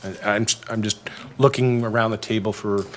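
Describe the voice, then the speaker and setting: A man with a lowish voice walks a committee through procedural rules, pausing often with fillers and restarts. He speaks into a meeting-room mic with a faint hiss of background noise behind him. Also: steady tone. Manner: halting, many fillers and restarts. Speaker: staff member presenting governance bylaw. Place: council chamber meeting.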